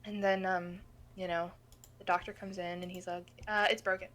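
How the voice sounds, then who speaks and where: A young woman co-hosting a podcast tells stories in a casual, chatty way, animated and swearing a lot while acting out the people she quotes. Her voice is on the low side at normal speed.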